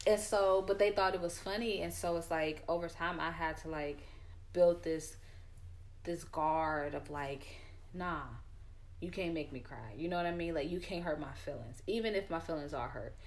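A woman's voice: deep voice, normal speed. Candid woman telling her story. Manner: candid, storytelling, frequent fillers like "like" and "bro". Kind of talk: casual chat.

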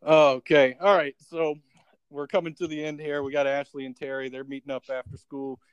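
A man's voice: fairly high pitch, level tone, normal speed, clear, resonant tone, dry recording, lo-fi sound. A man co-hosting a casual comedy podcast, recapping a TV episode, often laughing and swearing.

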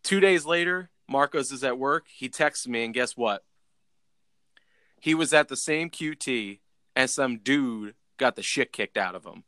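Young male podcast host, bright voice, dry close sound, casual rambling storyteller. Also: medium pitch, expressive, a little slow, clear, resonant tone, no echo. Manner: rambling, lots of "like" and restarts.

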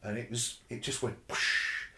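A man, a bass player telling a story in a casual interview, animated and swearing freely, acting out the voices of others. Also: normal speed. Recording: roomy echo.

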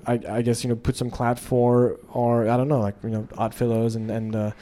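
Male studio founder, mellow tone, hesitant and thoughtful, casual interview delivery. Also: mid-range voice, little pitch movement, fairly quick, slight background noise. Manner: thoughtful, hesitant, with frequent restarts.

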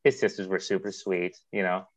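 A man's voice: deep voice, flat delivery, fairly quick, poor audio. A man co-hosting a podcast, telling a long anecdote in casual chat, acting out dialogue and laughing often. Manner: rambling anecdote with quoted dialogue and frequent laughs. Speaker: podcast co-host.

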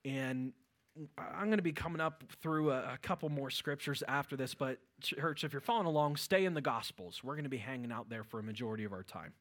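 A man with a Pittsburgh accent preaching a sermon as pastor, energetic, with loud exclamations to the congregation. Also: mid-range voice, a little fast. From Western Pennsylvania.

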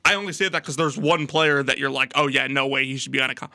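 Sharp bright-voiced sports podcast man. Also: medium pitch, fast talker, gravelly, dry recording, studio quality. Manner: energetic, lays out rules and segments. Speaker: podcast co-host. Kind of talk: casual sports chat.

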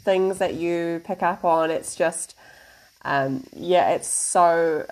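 A woman hosting a podcast, gushing in casual chat, halting and searching for words. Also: fairly low pitch, darkish tone, rough recording. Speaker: podcast host.

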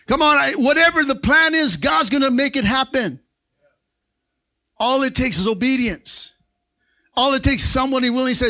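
A man preaching a Pentecostal sermon in a church. He calls for amens and rises to excited shouts. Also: very high voice, moderate pace, long pauses. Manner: call-and-response preaching, asks for amens. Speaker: pastor. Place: church sanctuary.

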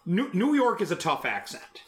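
A man co-hosting a casual podcast who explains his point carefully, often pausing and restarting his sentences. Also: high voice, wildly swooping pitch, fairly bright tone, reverberant, a little hiss or hum. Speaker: podcast co-host. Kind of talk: casual chat.

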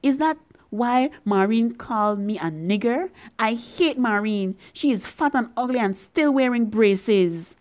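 A woman's voice: on the high side, lively intonation, a little slow, darkish tone, muffled recording. Woman reading as a pleading girl. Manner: earnest, pleading child's questions to her mother. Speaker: reader. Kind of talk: reading a story in a young girl's voice.

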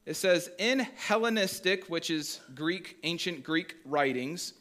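Bright-voiced pastor preaching a sermon. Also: male voice, fairly high pitch, lively intonation. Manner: conversational, asks the congregation questions; reads scripture aloud slowly.

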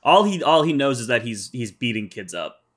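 A man's voice: medium pitch, sing-song, moderate pace. A man co-hosting a casual podcast, recapping cartoon episodes with sarcastic, casually profane remarks and frequent murmured agreement. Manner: sarcastic, swears casually, many "mm-hmm" backchannels. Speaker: podcast co-host.

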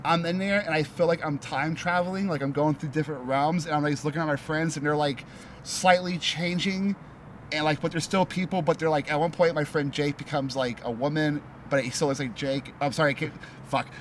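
A man on the high side speaks a little fast in a steady tone as a podcast guest, rambling through a story full of swearing and "like." The chat is casual, with a faint hiss or hum in the background.

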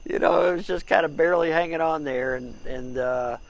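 Outdoors at night by a fire, a middle-aged man co-hosting a casual chat-show podcast tells rambling stories with frequent restarts. His voice is a little high, brisk, and edged with vocal fry, with highs cut off and slight background noise.

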